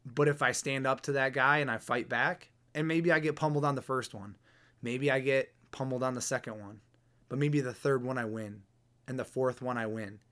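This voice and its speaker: A man's voice: medium pitch, brisk, fairly bright tone. A man in his thirties hosts a podcast and gives a casual motivational talk in a mid-range voice. He is blunt and earnest and keeps restarting his phrases as he thinks. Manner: earnest, blunt, repeats words while thinking. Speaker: podcast host.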